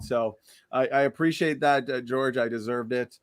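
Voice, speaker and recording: A man's voice: mid-range voice, moderate pace, dry recording, studio quality. A Canadian man hosting a livestream talk show, upbeat and thankful, laughing easily. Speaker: host.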